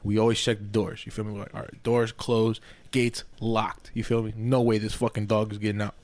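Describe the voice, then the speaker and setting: A man co-hosting a podcast, telling a long story in a casual, animated and profane way, often asking "you feel me". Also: lowish voice, fairly quick. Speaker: podcast co-host. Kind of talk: casual storytelling among friends.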